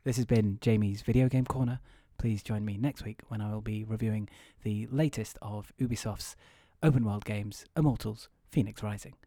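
A man voicing a pompous, measured video game reviewer in a low, quiet podcast segment. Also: dry recording, clean studio sound. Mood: earnest. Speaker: podcast co-host.

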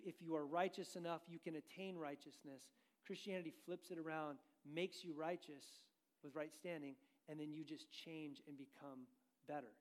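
A man preaching a sermon as pastor, asking the congregation questions and driving his points with energy. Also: sits high.

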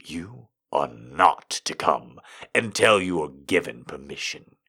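A man voicing a cold, domineering man who speaks in a low, hushed murmur in an audio story. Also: very animated, takes it slowly, husky, exaggerated voice. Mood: cold command. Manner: stern and commanding.

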